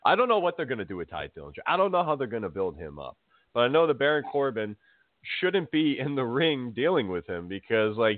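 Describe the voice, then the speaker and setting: A man co-hosting a casual wrestling podcast, chatty and quick to laugh. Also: fairly low pitch, dry recording. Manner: chatty, laughs often, mimics crowd chants. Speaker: podcast co-host. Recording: tinny phone-like line, dry.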